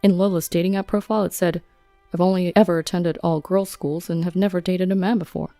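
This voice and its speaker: Seorang suami yang membela diri dengan keras kepala, dibacakan oleh seorang perempuan dengan suara rendah dan lembut. Rekamannya kering dan dekat, dengan musik latar yang samar di belakang. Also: female voice, fairly low pitch, fairly even intonation, a little fast, mellow, no echo, soft background music, close to an everyday voice. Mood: defensive. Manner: defensive, self-justifying. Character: defiant cheating husband, middle-aged man.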